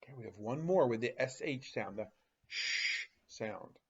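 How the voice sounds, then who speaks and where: A man teaching a phonics lesson to young children, slowly drawing out each sound and asking questions in an animated, exaggerated way. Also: mid-range voice, husky, dull audio.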